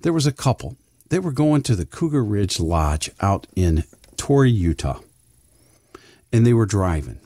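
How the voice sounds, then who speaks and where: A man's voice: fairly low pitch, big pitch swings, a little slow, warm tone, dry recording, studio quality. A middle-aged man, a financial advisor, chatting casually and telling a folksy story, repeating words as he restarts his sentences.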